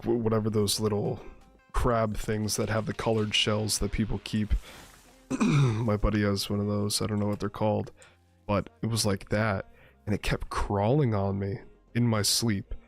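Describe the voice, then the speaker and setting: A man with a lowish voice talks loosely over his gameplay. He wanders from one story to the next and swears freely. Soft music plays faintly behind him. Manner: rambling, profane, laid-back storyteller. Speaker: streamer playing a survival game. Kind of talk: casual gameplay chat and storytelling.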